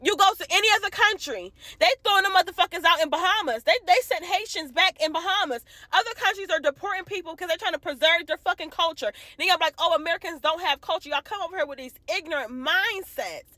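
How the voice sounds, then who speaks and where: A woman's voice: extremely high pitch, animated, fast, few pauses, pushed and bright, no echo. A woman delivering a heated, profane rant straight to the camera. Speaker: commentator ranting to camera.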